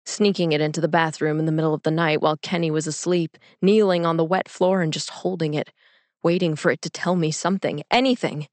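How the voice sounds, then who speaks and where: A young woman with a low voice narrates a personal story in a calm, measured, inward-looking way. The recording is close and dry, with no room sound. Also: no room sound. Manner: calm, measured, introspective reading. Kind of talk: audiobook reading of a personal story.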